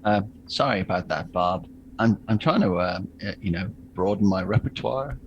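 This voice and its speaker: A man's voice: lowish voice, normal speed, dull audio, a little hiss or hum, close to an everyday voice. A man voicing a brash, eager young male rookie cop in a tabletop game. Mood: sheepish.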